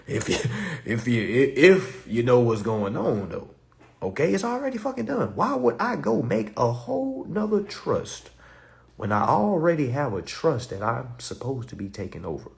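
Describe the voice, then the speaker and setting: A man's voice: medium pitch, sing-song, normal speed, creaky. A man teaching an online class in a casual, streetwise way, firing off profane rhetorical questions and laughing between points.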